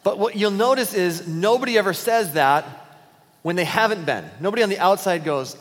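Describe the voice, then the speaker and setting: A man's voice: high-pitched, animated, long reverb tail. A man preaching a sermon as pastor, in a conversational way, acting out short everyday dialogues. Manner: conversational, acts out quick dialogues in his talk. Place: church auditorium.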